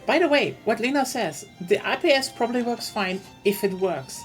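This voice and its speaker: A woman's voice: a little high, lively intonation, normal speed, soft background music. A woman streaming a strategy game, chatting casually and explaining at length as she thinks aloud. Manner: explanatory, thinks aloud in long winding turns.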